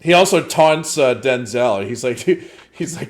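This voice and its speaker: A young man chatting on a movie review podcast in a mid-range voice. He retells scenes with animated energy, breaking into laughter and casual swearing. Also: medium pitch, measured pace. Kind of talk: casual chat.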